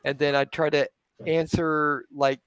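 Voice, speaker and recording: A man on a group call, a first-time guest, talking casually in halting, repeated phrases. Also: on the high side, level tone, a bit bright, smooth, low-quality recording. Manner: halting, repeats himself, laid-back.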